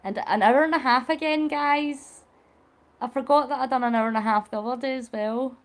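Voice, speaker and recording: A woman's voice: sits high, brisk. A woman chatting affectionately with viewers on a charity live stream, laughing often. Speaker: vlogger livestreaming a charity cycle.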